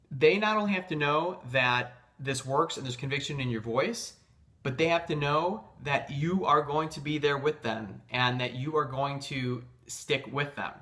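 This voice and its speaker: A man's voice: medium pitch, bright, forceful tone. A man giving a motivational sales-coaching talk, emphatic and insistent, with loose phrasing full of fillers and restarts. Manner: emphatic, insistent about conviction.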